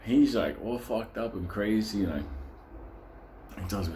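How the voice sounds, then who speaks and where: A man's voice: lowish voice, animated, unhurried, long pauses, warm tone, slight background noise. A man from Puerto Rico telling a wild club story in a casual, profane, comedic way, laughing often as he goes. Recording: roomy echo with faint ambience.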